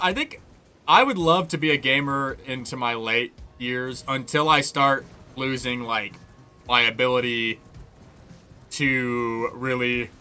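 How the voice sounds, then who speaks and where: A young man streams a game and chats casually, rambling loosely, swearing and laughing often. His voice sits at a medium pitch and sounds pushed and bright.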